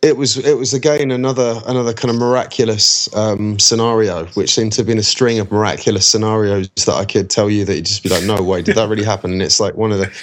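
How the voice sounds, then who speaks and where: A man's voice: on the low side, fairly even intonation, quick pace, hardly any pauses. A man, an actor talking casually in an interview, rambling with many restarts. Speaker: actor guest.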